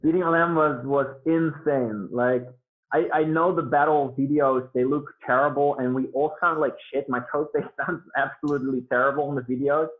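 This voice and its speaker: A man of middling pitch speaks as a guest over a remote call. His talk rambles with loose fillers and restarts, and the sound is thin and phone-like. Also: steady tone, normal speed. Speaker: guest beatboxer. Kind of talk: casual interview talk. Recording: tinny phone-like line.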